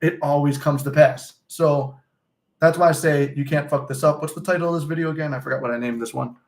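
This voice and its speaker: Fast-talking man, loose and profane. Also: fairly high pitch, fairly even intonation. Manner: loose and profane, many fillers and asides. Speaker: manifestation coach. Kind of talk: casual storytelling monologue.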